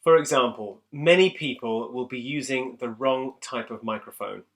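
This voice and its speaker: A man presenting a coaching video on virtual communication in a measured, emphatic way, recorded in a home office. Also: mid-range voice, a bit bright. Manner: measured, emphatic delivery with deliberate pauses. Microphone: switching between laptop, webcam and USB condenser mics.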